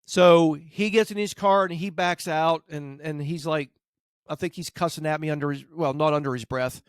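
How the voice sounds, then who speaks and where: A man's voice: a little high, moderate pace, clear, resonant tone, dry recording, clean studio sound. A man who trains dogs, hosting a podcast and telling a casual story, acting out what people said. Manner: animated anecdote, acts out quotes. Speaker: dog trainer, podcast host.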